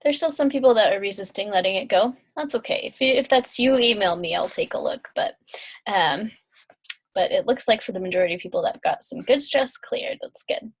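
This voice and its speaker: A woman's voice: medium pitch, fairly quick, slightly rough. Chatty woman leading a healing session. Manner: chatty, with many fillers and yawns. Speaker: intuitive healer. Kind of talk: guided energy-clearing session.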